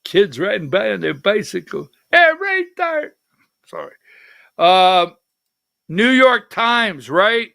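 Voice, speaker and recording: A man hosting a political talk show, giving heated, indignant commentary with slow, emphatic delivery. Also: high-pitched, expressive, creaky, pushed and bright, no room sound, clean studio sound.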